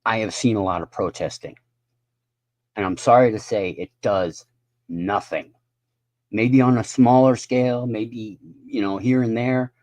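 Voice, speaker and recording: A man's voice: on the low side, fairly even intonation, unhurried, a little mellow, no echo. A man in his fifties ranting in a casual live stream monologue, profane and rambling. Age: 50s.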